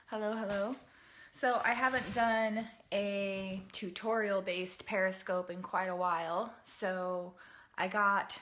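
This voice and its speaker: A woman in her thirties, hoarse from a cold, chatting casually to viewers while she sets up her cake workshop on a phone livestream. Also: fairly bright tone. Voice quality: husky, low. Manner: chatty, laughing, greets viewers by name. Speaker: cake artist hosting a livestream. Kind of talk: casual live-stream chat.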